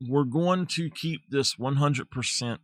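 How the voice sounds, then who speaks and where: A man's voice: medium pitch, a little slow, no echo, clean studio sound. A man with a Southern US accent, chatting casually while streaming a game and laughing at his own jokes. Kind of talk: casual live-stream chat.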